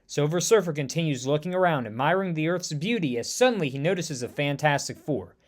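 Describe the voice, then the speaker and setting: Animated male narrator for a superhero fan tale, high and expressive. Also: brisk. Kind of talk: reading a superhero fan story aloud.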